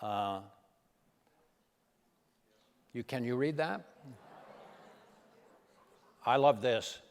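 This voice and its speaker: An older man, a comedian and impressionist, telling anecdotes on stage with an animated, punchline-driven delivery. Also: mid-range voice, takes it slowly, long reverb tail, a little hiss or hum. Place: event stage in a large hall.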